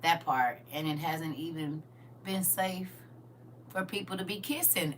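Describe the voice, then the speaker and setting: A woman's voice: medium pitch, normal speed, pushed and bright. A middle-aged woman on a podcast, blunt, sassy and emphatic, giving frank relationship opinions in casual chat.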